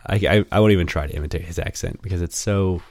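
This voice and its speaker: A man in his thirties with a Midwestern American accent, co-hosting a podcast in a slow, deliberate, dry casual chat. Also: low voice, darkish tone, no echo. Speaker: podcast co-host.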